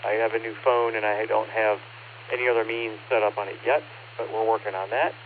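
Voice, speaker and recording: A sleepy man checking into a ham radio net, rambling in an unhurried way. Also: fairly low pitch, fairly even intonation, slight background noise. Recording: narrow ham radio transmission.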